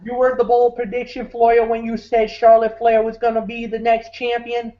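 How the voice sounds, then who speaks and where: A man's voice: very high voice, monotone, normal speed. A man hosting a wrestling recap show, talking with emphatic, preacher-like force. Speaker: podcast host. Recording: muffled lo-fi audio.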